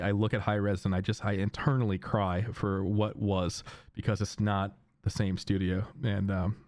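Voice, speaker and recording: Guy rambling to his stream chat, repeats stuff, goes loud and high when he's laughing, dry close mic. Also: dry recording. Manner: rambling, repeats himself, laughs loudly and rises in pitch when excited. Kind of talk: casual chat to stream viewers.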